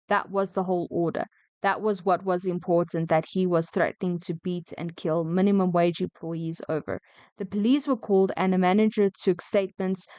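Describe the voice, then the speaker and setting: A woman's voice: fairly low pitch, clear, resonant tone, no echo. A woman streamer reading retail stories aloud and breaking off into chatty, opinionated, indignant asides. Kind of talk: casual chat mixed with reading stories aloud.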